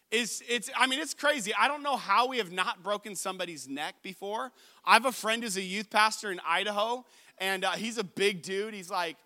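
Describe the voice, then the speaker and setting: A man preaching a sermon as a pastor, telling a story in a lively way, acting out the quotes and joking with the audience. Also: sits high. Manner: animated, acts out quotes, jokes with the audience.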